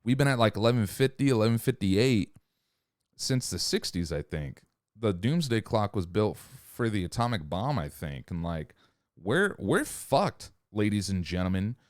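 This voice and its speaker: Low, swinging voice of a ranting man. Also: expressive, normal speed, dry recording, studio quality. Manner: profane, rambling, loses his thread. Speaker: podcast host. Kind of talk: casual rant.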